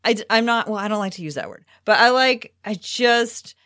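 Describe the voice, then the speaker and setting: A woman's voice: medium pitch, expressive, normal speed, pushed and bright, no room sound, studio quality. A woman co-hosting a sports podcast in casual chat, reading out listener questions. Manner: upbeat, reads listener questions. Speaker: podcast co-host.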